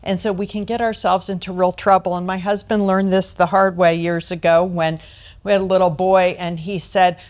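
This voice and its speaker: A woman's voice: on the low side, little pitch movement, moderate pace. A middle-aged American woman leading a training session, explaining points through family anecdotes and acting out the quoted voices. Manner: storytelling, acts out quoted voices.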